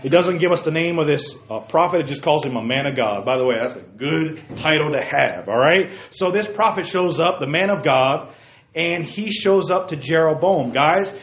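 A man teaching a Bible study to a group in an animated, emphatic way, heard in a roomy, dull lo-fi recording. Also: fairly high pitch, normal speed.

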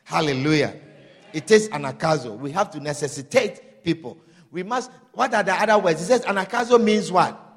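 High-pitched, lively preaching man in echoing hall. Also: fairly quick. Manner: emphatic preaching with call-and-response amens. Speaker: pastor. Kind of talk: sermon.

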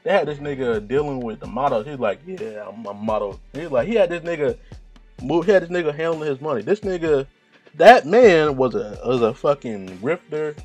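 A man with a deep voice talking in a rambling, profane, laid-back monologue, often laughing at himself. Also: lively intonation, brisk, darkish tone, soft background music. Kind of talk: casual monologue.

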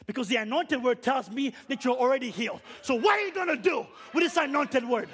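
Preaching at a fairly quick clip, a man thunders through a fiery sermon with repeated rhetorical questions, occasionally dropping down to hushed, low stretches.

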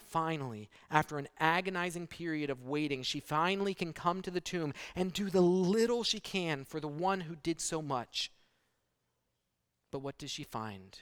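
A man preaching a sermon, dramatic and full of rhetorical questions, moving from hushed lines to loud, emphatic peaks. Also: fairly high pitch, clear, resonant tone.

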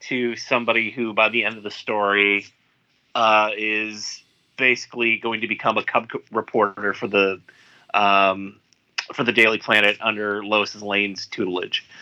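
A man co-hosting a podcast in casual chat, thoughtful and a little halting as he builds his points. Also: fairly low pitch, bright, forceful tone, lo-fi sound. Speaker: podcast co-host.

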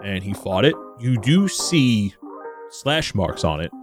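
Lively man running a tabletop game. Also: fairly low pitch, slow, over music. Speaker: game master.

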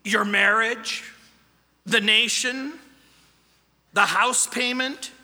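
Pastor guy preaching slow and emphatic, high bright voice, long echo in a church. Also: steady tone. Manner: emphatic, repeats key phrases. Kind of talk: sermon.

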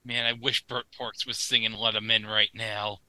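A man's voice: fairly low pitch, level tone, normal speed, sharp tone, dry recording, poor audio. A man co-hosting a podcast, riffing jokingly in casual comedic commentary on an old TV broadcast. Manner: jokey, puts on silly announcer voices. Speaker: podcast co-host.

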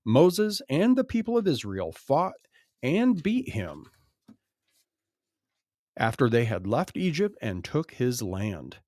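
A man's voice: medium pitch, huge pitch swings, slow, pauses often, darkish tone, no room sound, clean studio sound. A man hosting a podcast, reading Bible passages aloud with emphatic commentary and the odd laugh. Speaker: podcast host reading scripture.

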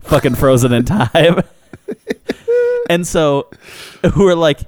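A podcast co-host with a fairly high voice speaks slowly, recorded in clean studio sound without echo. He tells a funny story in casual chat, animated and often laughing as he acts out people's lines.

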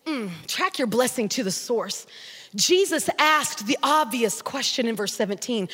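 A middle-aged woman pastor, preaching a sermon with animated storytelling that rises to shouts, in a large church hall. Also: fairly high pitch, measured pace, slightly rough. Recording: long hall reverb.

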